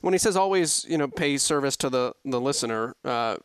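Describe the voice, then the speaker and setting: Smooth-voiced male interviewer. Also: mid-range voice, expressive, brisk, dry recording. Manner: thinks aloud, rephrasing his questions. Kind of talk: interview questions.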